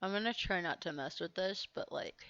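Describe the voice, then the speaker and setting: A young woman hosting and telling a story in a casual, animated way, laughing often and swearing freely. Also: fairly low pitch, fairly quick, clear, resonant tone, no echo. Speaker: host. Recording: dull lo-fi recording with faint music.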